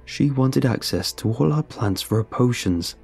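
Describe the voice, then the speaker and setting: A man's voice: medium pitch, animated, normal speed, creaky, darkish tone, husky, faint music behind. A man voicing a hostile male village council member who spits out accusations in an audiobook reading. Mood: accusing. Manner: spitting, accusatory.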